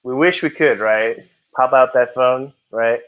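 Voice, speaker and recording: A man's voice: medium pitch, a little slow. A man teaches a roomful of students in a mid-range voice, loose and conversational, slipping jokes in between the lesson points. The classroom recording is muffled and lo-fi. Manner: chatty, joking with students. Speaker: test-prep tutor.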